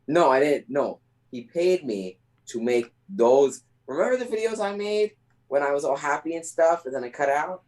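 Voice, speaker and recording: A man's voice: a little high, animated, moderate pace, a little mellow, rough recording. A man co-hosting a podcast, explaining himself defensively in casual chat. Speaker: podcast co-host.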